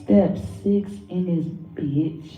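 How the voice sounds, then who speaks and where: A woman's voice: fairly low pitch, takes it slowly, mellow. A woman leading a motivational workshop, playful and profane, acting out quotes as she talks. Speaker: workshop leader and tarot reader. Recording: muffled, echoey, far from the mic.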